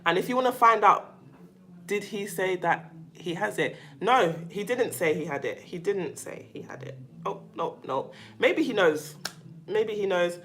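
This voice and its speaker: In an unhurried, medium-pitched voice with a fairly bright tone, a livestream host who covers narcissistic abuse chats with her viewers. She reads out their comments along the way, her speech full of fillers and restarts.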